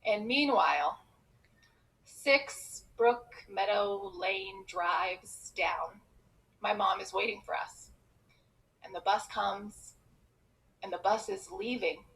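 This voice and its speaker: A comedian from Iran telling a personal story with expressive, quick comic timing. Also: female voice, mid-range voice, low-quality recording.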